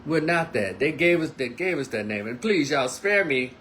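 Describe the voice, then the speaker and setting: In this casual monologue, a male commentator with a fairly high voice tells a story at a moderate pace, animatedly acting out the people and their quotes. There's slight background noise.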